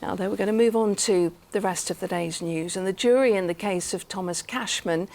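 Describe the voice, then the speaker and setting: A woman presenting regional TV news, reading stories in a clear, measured way. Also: medium pitch, a little mellow.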